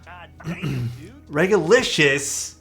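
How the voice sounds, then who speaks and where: A young man talks casually to his stream chat as he works, easygoing and quick to poke fun at himself. His voice sits in a middle register. Quiet music plays faintly behind him. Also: mid-range voice, expressive. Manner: laid-back, chatty, reads chat aloud, self-deprecating. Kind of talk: casual live-stream chat while building a keyboard.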